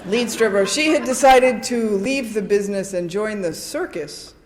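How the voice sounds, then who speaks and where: A woman speaking at a recovery convention, sharing her story with an animated, comic storytelling style and frequent "right?" asides to the audience. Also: mid-range voice, moderate pace, reverberant, background noise. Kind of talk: personal recovery share before a live audience. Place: convention hall with a live audience.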